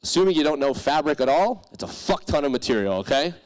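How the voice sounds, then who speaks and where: On stage at a live event, a young startup founder tells a funny story about a failure, animated and swearing freely while imitating the voices of the people he quotes. His voice sits a little high, he talks fast, and the recording is rough.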